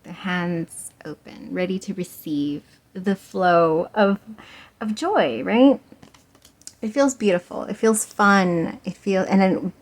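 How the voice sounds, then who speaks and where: In a laid-back pick-a-card tarot reading, a young woman talks chattily and slowly in a lowish voice, giggling often and using plenty of fillers and laughs.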